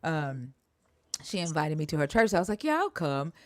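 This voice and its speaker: Blunt, animated woman telling a story. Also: low-pitched, a little fast. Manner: animated storyteller, swears freely, acts out quotes. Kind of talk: casual conversation about church experiences.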